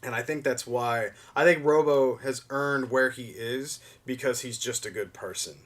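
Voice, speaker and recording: A young man hosting a livestream, chatting loosely to viewers with many fillers and restarts, often gushing with excitement. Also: mid-range voice, normal speed. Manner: rambling, lots of fillers and restarts, gushes with excitement. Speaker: livestream host. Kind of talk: casual stream chat to viewers.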